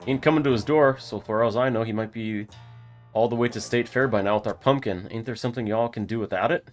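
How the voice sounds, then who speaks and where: A man's voice: mid-range voice, fast talker, faint music behind, close to an everyday voice. A man doing an earnest young farmhand. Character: stoic young male farmhand, grieving and earnest.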